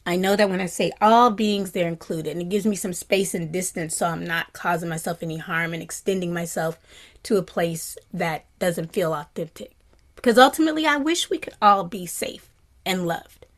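A woman meditation teacher giving a dharma talk in a gentle, reflective way. She often drops to a soft whisper and has animated bursts of delight. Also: lowish voice, moderate pace.

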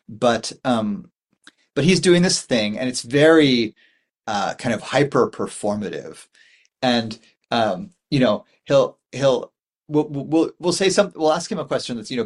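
A man's voice: medium pitch, husky. A man in his forties giving a dharma talk as a Buddhist meditation teacher, rambling and thoughtful, with many fillers and restarts.

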